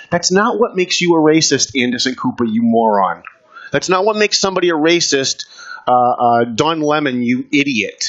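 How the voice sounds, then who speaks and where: A man holds forth as a talk show host in a combative, emphatic monologue. He hammers his points home in a voice pitched a bit high. The recording sounds dull and lo-fi. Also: a bit bright. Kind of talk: opinion monologue.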